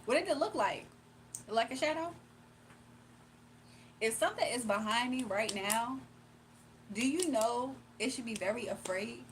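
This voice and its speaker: Woman streamer with a Southern accent, higher voice, chatty and giggly, faint hiss in the mix. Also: expressive, normal speed, rough recording. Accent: Southern US, Virginia with Atlanta influence. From Virginia, USA. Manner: chatty, laughs often, reads chat aloud and answers. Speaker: livestreamer. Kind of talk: casual late-night live chat.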